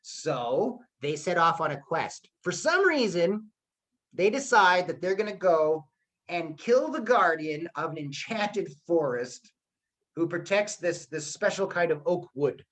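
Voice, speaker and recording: A male history teacher retelling a myth in a playful, animated online class. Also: a little high, measured pace, rough recording.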